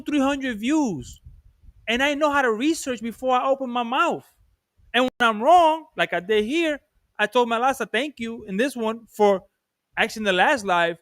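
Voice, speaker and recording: Heated high-voiced man hosting a boxing livestream. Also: a bit bright, no room sound, studio quality. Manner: heated, emphatic, switches between English and Spanish. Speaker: livestream boxing show host. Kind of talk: casual livestream commentary.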